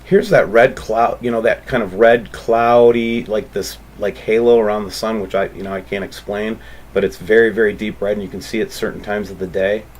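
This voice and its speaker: A man hosting a channel, talking casually and excitably over photos, rambling and calling out to viewers. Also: fairly low pitch, normal speed, a little hiss or hum. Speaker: channel host.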